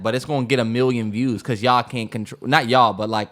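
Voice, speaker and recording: Animated man co-hosting a casual podcast. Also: a little fast. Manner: animated storyteller, voice jumps high when acting out stories. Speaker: podcast co-host. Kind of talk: casual chat.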